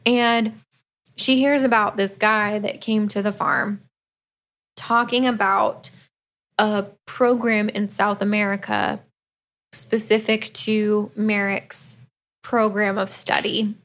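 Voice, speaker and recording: A woman's voice: mid-range voice, little pitch movement, slow pace, a bit bright. A woman co-hosting a podcast, casually retelling a book's plot with quoted asides. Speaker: podcast co-host. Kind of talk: casual book review chat.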